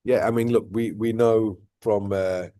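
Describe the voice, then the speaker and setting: A man's voice: fairly low pitch, fairly even intonation, unhurried, dark tone, dry recording, clean studio sound. A man hosting a vlog, talking casually and at length, often tagging "right?" and "look" onto his points. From outside Dubai. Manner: rambling, repeats "right?" and "look". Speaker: vlog host. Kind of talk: casual reflective chat.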